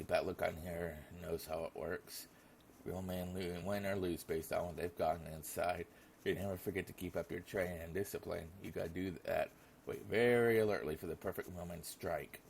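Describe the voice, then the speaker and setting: A man's voice: low voice, creaky, darkish tone, a little hiss or hum. A man voicing a jolly, plump middle-aged businessman uncle who brags heartily.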